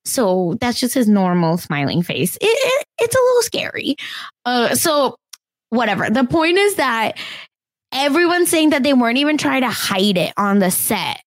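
A young woman with a light Indian accent chats about celebrity gossip as a podcast co-host. Her fairly high voice leaps up and down with animated, chatty energy, and she laughs often. The sound is close and dry. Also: normal speed, dry recording. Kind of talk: casual celebrity gossip chat.

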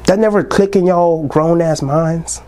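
A man in his twenties holds forth on his podcast in a casual, impassioned way, preaching at his listeners. His voice sits a little high but stays soft and mellow. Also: measured pace. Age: 20s. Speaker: podcast host.

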